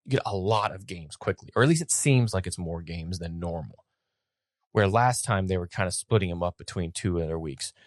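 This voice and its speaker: A man co-hosting a casual podcast, relaxed, reading out bits from articles and notes. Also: sits low, brisk, no echo, clean studio sound. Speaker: podcast co-host. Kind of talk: casual chat.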